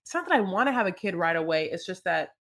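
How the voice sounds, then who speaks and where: A woman's voice: lowish voice, very animated, fast, fairly bright tone. A woman co-hosting a podcast, rambling casually with lots of fillers as she recaps a reality show. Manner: rambling, lots of "like" and "you know". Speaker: podcast co-host.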